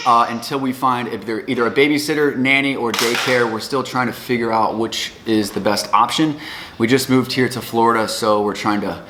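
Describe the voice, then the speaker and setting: A relaxed man in his thirties talks to camera as a fitness coach and vlogger. His voice sits at a middle pitch, with a faint hiss of noise in the background. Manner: relaxed, chatty, with fillers. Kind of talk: casual vlog chat.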